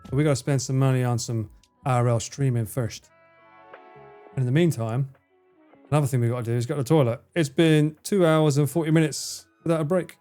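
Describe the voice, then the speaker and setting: A man streaming a game live, chatting casually with his chat, excitable and swearing often. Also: mid-range voice, fairly quick, soft background music.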